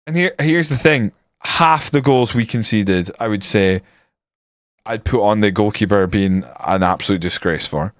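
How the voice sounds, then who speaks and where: A man's voice: lowish voice, unhurried, no room sound, studio quality. Sweary man ranting on stream. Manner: sweary, ranting, swings to excited commentary. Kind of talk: casual game commentary on stream.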